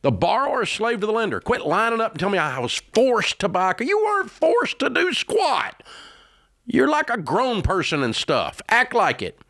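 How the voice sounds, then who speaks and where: A man hosting a call-in advice show, yelling at callers in a blunt, exasperated rant from a radio studio. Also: high voice, very animated, moderate pace, dry recording. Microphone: studio microphone.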